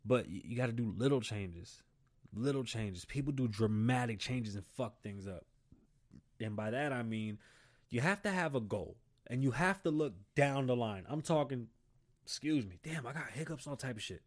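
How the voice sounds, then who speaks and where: Male host, middle-aged, casual motivational monologue, blunt and profane, average pitch. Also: animated, moderate pace. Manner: blunt, swears freely, preachy pep talk. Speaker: show host.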